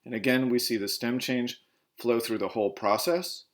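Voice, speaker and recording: A Spanish teacher recording a slide lesson, explaining verb endings and spelling out stems letter by letter, moving between Spanish and English. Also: male voice, medium pitch, steady tone, moderate pace.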